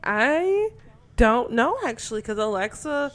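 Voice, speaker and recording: A young woman co-hosting a casual chat, animated and blunt, swearing and laughing often. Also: on the high side, unhurried. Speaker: podcast co-host.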